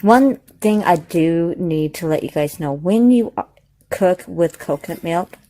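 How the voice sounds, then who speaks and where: A woman's voice: fairly low pitch, lively intonation, a little slow, mellow. A woman hosting a home cooking vlog, talking casually with lots of fillers and restarts as she cooks in her kitchen. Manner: rambling, chatty, lots of fillers and self-corrections.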